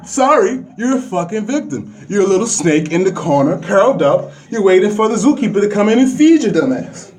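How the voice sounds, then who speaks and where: A man's voice: high-pitched, very animated, brisk, darkish tone. A man delivering a preachy, profane ranting monologue about enlightenment to his viewers. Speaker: vlogger preaching his philosophy.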